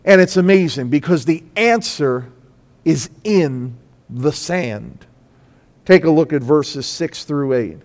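A man preaching a sermon with emphasis, repeating his phrases and rising to loud peaks. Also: on the high side, expressive, slow. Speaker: pastor. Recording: echoey hall.

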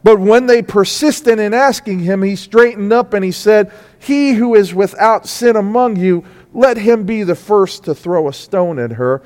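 A man preaching a sermon with emphasis, repeating his phrases and rising to loud peaks. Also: high voice, a little slow, hardly any pauses. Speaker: pastor. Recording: echoey hall.

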